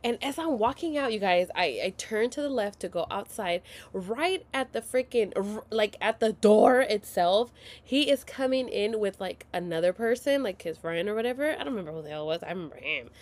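A woman in her thirties tells her viewers a story from home, casual, dramatic, and profane, frequently dropping to a whisper. Her medium-pitched voice is animated and brisk.

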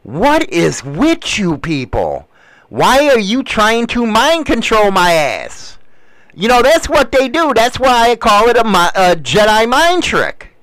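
A man's voice: high voice, sing-song, slow pace, fairly bright tone, dry recording, low-quality recording. An older man hosting a show, delivering a blunt, crude, ranting monologue in casual talk.

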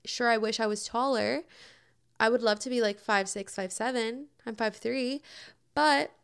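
A woman's voice: fairly high pitch, measured pace, gravelly, a bit bright, clear, resonant tone. A young woman hosting a podcast, answering listener questions in a chatty, upbeat way, with lots of "like" and "oh my God.". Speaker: podcast host. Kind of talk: casual advice chat answering listener questions.

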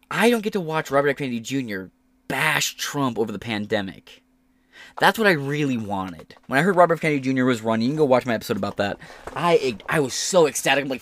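A man's voice: mid-range voice, fairly bright tone, no room sound. A male podcast host ranting in casual political commentary, heated and full of swearing. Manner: heated, profane rant.

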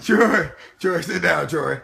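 A man's voice: a little high, takes it slowly, creaky, sharp tone, slight background noise. A man filming a drunk friend on a phone, laughing, teasing and swearing in casual banter. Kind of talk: casual home video banter.

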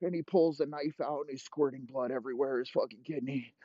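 A young man hosting a comedy podcast, rambling through a crude, profane made-up story and dropping into low mock voices for the characters. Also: a little fast, mellow, no room sound. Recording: dry, muffled lo-fi audio.

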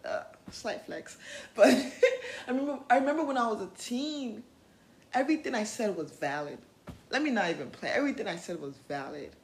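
A young woman hosting a self-help podcast, talking in an earnest, animated way, laughing often and swearing casually. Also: fairly high pitch, normal speed, echoey room, poor audio. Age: young adult. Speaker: podcast host.

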